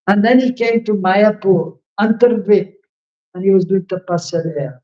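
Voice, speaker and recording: A man's voice: high voice, moderate pace. A man giving a devotional scripture lecture, telling stories and acting out the lines of the figures in them. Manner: animated storyteller acting out quoted lines. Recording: echoey room, dull lo-fi sound.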